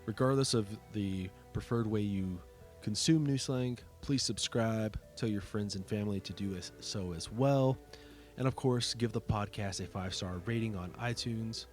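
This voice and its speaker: A man's voice: fairly low pitch, normal speed, a little mellow, soft background music. A man hosting a podcast, talking loosely with lots of "uh" and "like" fillers. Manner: loose and conversational, heavy on fillers like "uh" and "like". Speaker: podcast host. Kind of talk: casual podcast talk.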